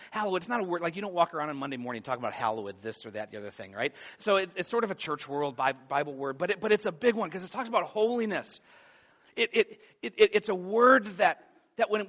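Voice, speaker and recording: Male pastor, 40s, sermon delivery, bright tone on a dull lo-fi recording; swings from hushed to loud. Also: sits high. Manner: swings from hushed intimacy to loud acted-out storytelling.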